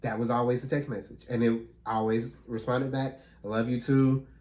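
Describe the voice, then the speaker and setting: A man's voice: mid-range voice, level tone, fairly quick, darkish tone. A man talking earnestly and reflectively in a casual, heartfelt conversation as a podcast co-host.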